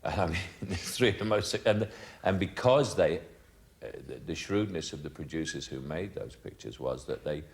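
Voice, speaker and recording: Very deep-voiced man musing. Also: normal speed, few pauses, a little hiss or hum. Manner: musing, stops and restarts. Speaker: interviewee. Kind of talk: reflective interview answer.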